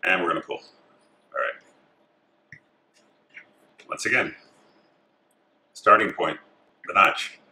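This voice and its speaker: Man, very low voice, crisp bright tone, calm step-by-step tutorial. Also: slow pace, pauses often. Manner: calm, talks through each step as he works. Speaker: craft tutorial host. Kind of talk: step-by-step instruction. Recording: echoey room.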